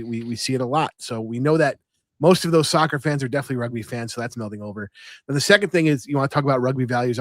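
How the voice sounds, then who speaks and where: A man's voice: mid-range voice, no echo. New guy rambling thru a story on a podcast, dry close mic, lotta "you know"s. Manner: chatty storyteller, lots of "you know" and restarts. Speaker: podcast co-host. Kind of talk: casual chat.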